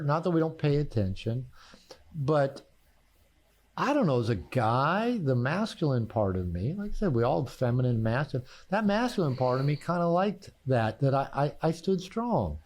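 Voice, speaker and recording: In a fairly high, sing-song voice with a slightly mellow quality, an older therapist and author shares personal stories during a podcast conversation at a moderate pace. He repeats words when he restarts and chuckles at his own punchlines.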